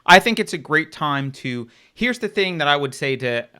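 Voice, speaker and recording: A man's voice: on the high side, animated, moderate pace, pushed and bright, clean tone. A man co-hosting a political talk show, speaking in a blunt, emphatic way with filler ums. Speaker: co-host.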